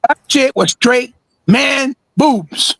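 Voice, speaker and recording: High-voiced man ranting profanely. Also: drawn-out words, gravelly, fairly bright tone, no room sound, poor audio. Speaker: podcast co-host. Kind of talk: casual gaming chat.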